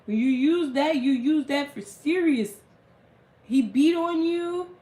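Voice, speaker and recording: A woman's voice: sits high, slow, warm tone, echoey room, pitched above the performer's own voice. A woman voicing an insistent female shopkeeper who warns a customer in broken, repeated phrases. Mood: earnest warning. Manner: earnest, repetitive, broken English.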